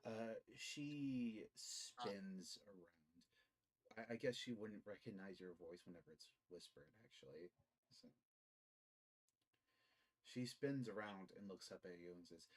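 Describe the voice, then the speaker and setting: A man narrating as game master in a tabletop game, animated and swearing freely. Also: on the low side, slow pace, rough recording.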